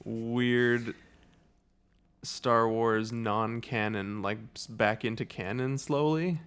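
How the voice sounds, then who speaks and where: Chatting casually as a podcast co-host, a man rambles, cracks jokes, and leans heavily on fillers. He speaks slowly in a mid-range voice with fairly even intonation and a clean, fairly bright tone.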